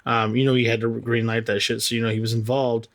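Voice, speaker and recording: A man co-hosting a wrestling podcast in casual chat, relaxed and slangy. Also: mid-range voice, fast talker. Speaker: podcast co-host.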